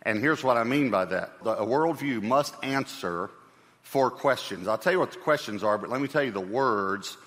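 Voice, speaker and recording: Male pastor, mid pitch, bright voice, conversational sermon delivery with repeated phrases, hall reverb. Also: animated, normal speed.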